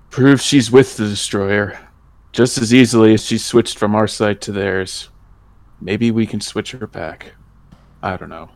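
A man's voice: on the low side, slow pace, darkish tone, no room sound. A man playing a tabletop game, talking casually and easily rattled. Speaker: player.

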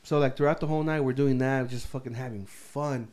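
A man's voice: mid-range voice, steady tone, brisk, a little mellow. Young guy rambling thru a party story, swears a ton, laughs a lot. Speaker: storyteller among friends. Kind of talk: casual chat.

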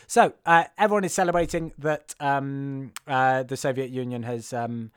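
Dude with a smooth clean voice, close dry sound, halting podcast chat. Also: male voice, mid-range voice, steady tone, no echo. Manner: hesitant, halting with fillers. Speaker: podcast co-host. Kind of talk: casual film recap chat.

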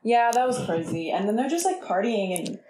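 A woman's voice: on the high side, big pitch swings, brisk, a loud crowd, poor audio. A woman co-hosting a podcast in casual chat, chiming in with short agreements and finishing her friend's sentences. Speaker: podcast co-host.

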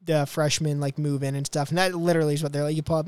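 Rambling young man with a smooth voice. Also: fairly high pitch, level tone, racing, few pauses, a little mellow, dry recording. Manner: rambling, filler-heavy. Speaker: podcast host. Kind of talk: casual commentary on clips.

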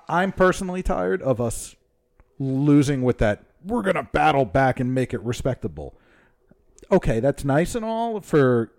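A man's voice: on the high side, darkish tone. Laughing American male podcast co-host. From United States. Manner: quick, laughing banter. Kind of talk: casual chat.

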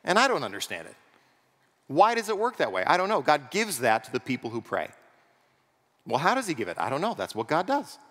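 A pastor preaching a sermon in a conversational way, often checking in with the congregation through rhetorical questions. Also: male voice, on the high side, huge pitch swings, fairly quick, a bit bright. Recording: long reverb of a large hall.

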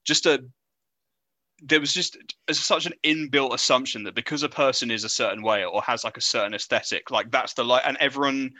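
A man's voice: mid-range voice, a little fast, sharp tone, dry recording, low-quality recording. A young British man hosting a casual chat, rambling and self-deprecating, laughing often. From Britain.

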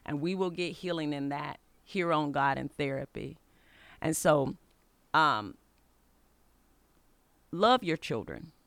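A woman's voice: deep voice, animated, slow pace, long pauses, a bit bright, dry recording. A middle-aged woman hosting a faith-based podcast, telling a personal story in an earnest, conversational way and urging listeners on. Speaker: podcast host.

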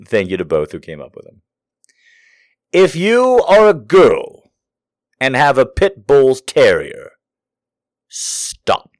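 A man as comedic host, rambling in a deadpan, self-mocking way and reading letters aloud. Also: mid-range voice, takes it slowly, pauses often, no echo, clean studio sound.

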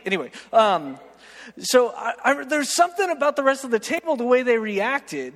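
High-voiced preacher telling stories in a hall. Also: male voice, moderate pace. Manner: animated, self-mocking storyteller, keeps asking "right?". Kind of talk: storytelling sermon. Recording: long reverb of a large hall.

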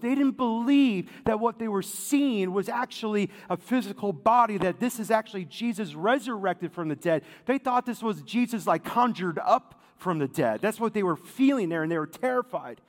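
A man with a high voice preaches a sermon in a relaxed, conversational way. He talks with lively asides and plenty of fillers. His voice rings out with the long echo of a large church hall. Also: normal speed, few pauses. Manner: casual, animated preaching with many fillers. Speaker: pastor.

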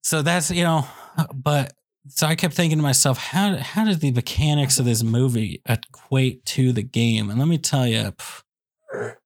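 Man on a mock-outraged comedic rant. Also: unhurried. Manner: excitable, ends lines with "okay?" and "all right?"; mock-outraged, voice jumps high when worked up.

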